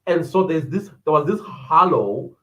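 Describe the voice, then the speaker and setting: Here a man's voice sits on the high side, a bit bright, with lively intonation and a normal speed. He's hosting a livestream podcast, chatting casually, laughing often, and greeting viewers by name while reading their comments aloud. Echo from the room and dull lo-fi sound color the recording.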